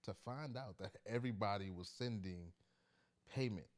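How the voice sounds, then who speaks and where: A man's voice: on the low side, moderate pace. A man who does stand-up comedy, telling a story in a loose, chatty, slangy way. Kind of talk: casual storytelling to camera.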